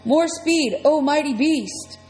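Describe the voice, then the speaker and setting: A woman's voice: fairly high pitch, animated, gravelly, a little mellow. A woman voicing a small, brainy, bossy boy sidekick who gives urgent orders. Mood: excited shouting. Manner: urgent, commanding, quick orders. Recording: long reverb, faint music.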